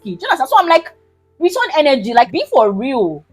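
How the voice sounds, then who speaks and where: Young Nigerian woman vlogger, lively swooping delivery, sassy storyteller, faint music underneath. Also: high-pitched, quick pace. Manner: animated, sassy, emphatic with slang and pidgin. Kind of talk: casual storytime.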